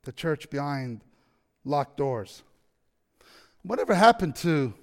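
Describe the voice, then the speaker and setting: Animated storytelling preacher in a reverberant hall. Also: male voice, fairly high pitch, takes it slowly, long pauses. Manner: animated storyteller, acts out dialogue, asks the audience questions. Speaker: pastor. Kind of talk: storytelling sermon.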